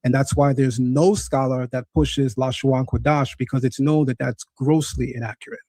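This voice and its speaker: On a livestream debate about Hebrew pronunciation, a male host with a mid-range, mellow voice presses his guest, insistent and corrective. His tone stays steady and his pace moderate. The recording is dry, captured through a screen-sharing stream setup.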